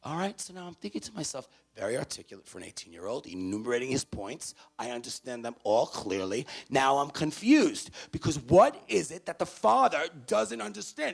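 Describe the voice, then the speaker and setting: A man's voice: medium pitch, very animated, brisk, vocal fry, hardly any pauses, husky. A man speaking to parents at a university, telling an anecdote and acting out both sides of the conversations. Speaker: university student affairs staff speaker. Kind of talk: storytelling talk to parents. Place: university venue, in front of parents.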